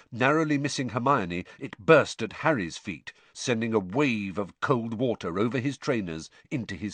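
Low-ish guy reading an audiobook, swoops up and down a lot, dry recording. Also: breathy edge, no echo. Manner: animated storytelling. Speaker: audiobook narrator. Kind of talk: scripted narration.

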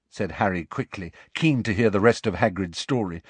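A man's voice: on the low side, moderate pace, few pauses, breathy edge, no room sound. A man narrating an audiobook in a plain narrative delivery. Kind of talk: audiobook reading.

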